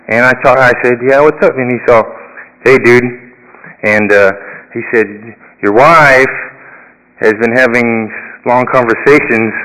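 A man's voice: mid-range voice, pushed and bright. A middle-aged man shares a rambling personal recovery story, full of fillers and acted-out quotes. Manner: rambling, many fillers, acts out quoted dialogue. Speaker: recovery meeting speaker. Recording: reverberant hall sound.

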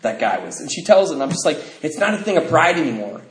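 A man sharing his recovery story with a meeting, lively, acting out what people said and laughing often. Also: a little high, quick pace. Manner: animated, acts out quoted dialogue, laughs often. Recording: echoey room, faint noise.

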